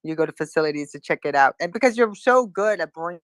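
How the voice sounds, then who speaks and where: A woman hosts a casual online chat, friendly and loosely rambling. Her voice is low for a woman. The sound is dry and close. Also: expressive, quick pace, dry recording. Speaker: host.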